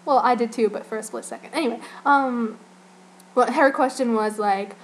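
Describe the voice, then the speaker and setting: A woman's voice: on the high side, normal speed. A young woman giving a casual, giggly fan report about an event she attended, full of "like" and gushing asides. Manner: giggly, gushing, heavy use of "like". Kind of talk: casual spoken recap.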